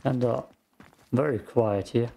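Male game streamer, gravelly and unhurried, relaxed play-by-play. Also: medium pitch. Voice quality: gravelly morning voice. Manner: slow, calm, thinks out loud. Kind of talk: casual gameplay commentary.

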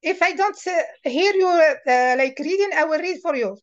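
A woman tutoring a beginner in reading, patiently repeating words slowly to model how they sound. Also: extremely high pitch, highs cut off. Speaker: Arabic tutor. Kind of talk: one-on-one reading lesson.

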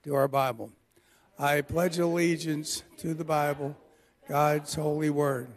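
A man slowly reciting a church pledge in a measured way. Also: fairly high pitch, fairly even intonation. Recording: reverberant church hall.

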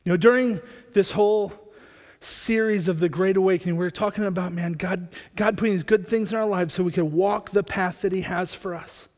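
A male pastor preaching a sermon in a church, energetic and conversational, often restarting his words. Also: sits high, brisk. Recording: long church hall reverb.

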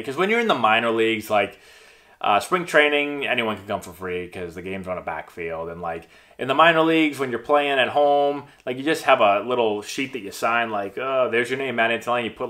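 Man, 30s, ex-ballplayer turned coach; low-ish voice, quick rambling vlog chatter full of fillers. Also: bright, forceful tone. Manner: rambling, with many fillers and restarts. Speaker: former pro baseball player and coach. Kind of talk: casual vlog talk to camera.

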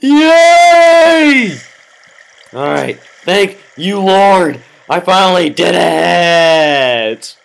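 A gameplay commentator who rages melodramatically at the game, groaning and yelling at every failure. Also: medium pitch, extremely slow, vocal fry, few pauses, smooth. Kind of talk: raging let's-play commentary.

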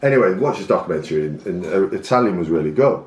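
A man's voice: low voice, expressive, quick pace. An English man, a guest, telling jokey stories and laughing often in casual chat. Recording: echoey room with faint noise.

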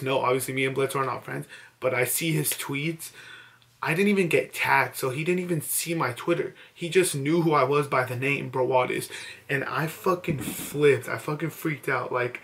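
A young man who has just woken up makes an excited late-night selfie vlog at home, overwhelmed, teary, and breathless in emotional disbelief. His voice is on the high side, gravelly and a bit bright, with a little hiss or hum in the recording.

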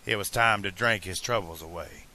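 A man narrating a fan-made audiobook in a measured storytelling manner. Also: low voice, bright, forceful tone.

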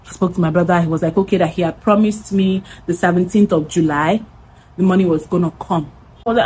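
A young woman telling a lively storytime vlog, acting out the voices of the people in it. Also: on the low side, fast talker, husky, rough recording. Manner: animated, acts out quoted voices. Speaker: content creator.

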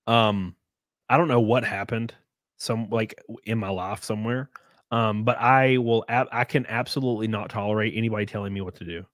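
A man's voice: fairly low pitch, steady tone, fairly quick, fairly bright tone, no room sound, studio quality. A man hosting a podcast, telling stories in a rambling, profane way full of fillers and restarts. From US South. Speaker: podcast host. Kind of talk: casual chat.

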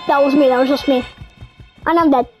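A woman's voice: sits high, steady tone, a little fast, soft background music. A woman gamer giving casual commentary on a horror game, full of jumpy, startled exclamations.

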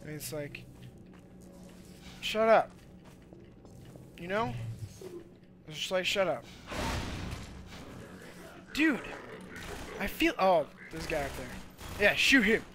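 A young man giving loud, goofy commentary while playing a video game, with sudden shouted outbursts. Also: high voice, sing-song, slow pace, pauses often, a little hiss or hum. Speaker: let's play gamer. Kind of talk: energetic gameplay commentary.

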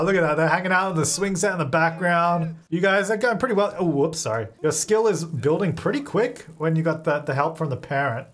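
A man's voice: on the high side, a bit bright. A young man hosting a life-sim let's play, chatty and laughing often as he plays. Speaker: gaming channel host.

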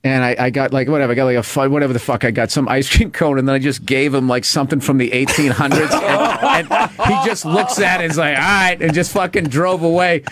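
A man telling animated, profane childhood stories as a guest comedian in a studio. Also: on the high side, fast talker, hardly any pauses. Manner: animated, profane, laughing through anecdotes. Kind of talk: casual storytelling. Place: radio studio.

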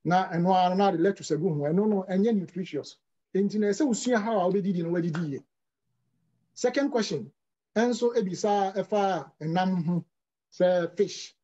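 A high-pitched man with a mellow, dark tone explains diet and health questions patiently, mixing in English terms and sometimes restarting his words. The sound is dull and lo-fi, like a broadcast. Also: moderate pace. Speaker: health speaker answering questions.

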